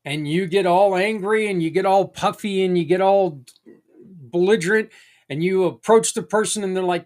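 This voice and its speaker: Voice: medium pitch, normal speed, a little mellow. A podcast host talking in a casual, earnest monologue, folksy and rambling with tangents and mild swearing. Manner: earnest and encouraging.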